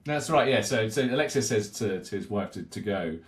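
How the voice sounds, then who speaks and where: A British man co-hosting a podcast, relaxed and rambling as he retells an advert. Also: fairly low pitch, a little fast. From Britain. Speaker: podcast co-host. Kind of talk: casual marketing discussion.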